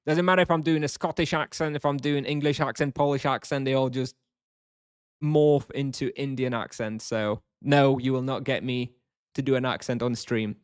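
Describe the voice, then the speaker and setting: A man's voice: medium pitch, fairly even intonation, moderate pace, clean tone, no echo, studio quality. A man streaming a game live, chatting casually and answering viewers at length. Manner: rambling, reads chat aloud and answers.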